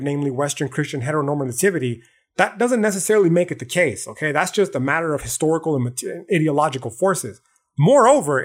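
A man putting on a philosopher, slangy and explanatory. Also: on the high side. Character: philosopher explaining his critique, adult man, calm.

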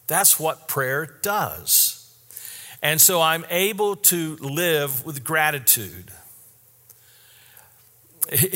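A man preaching a sermon in an earnest, candid way, repeating his key statements slowly. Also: fairly high pitch, bright, forceful tone, long reverb tail. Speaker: pastor.

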